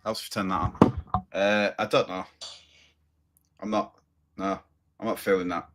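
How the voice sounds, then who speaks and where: A man's voice: deep voice, level tone, measured pace, very noisy. A man hosting a livestream, reacting to clips with blunt, sceptical, swearing commentary. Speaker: livestream host.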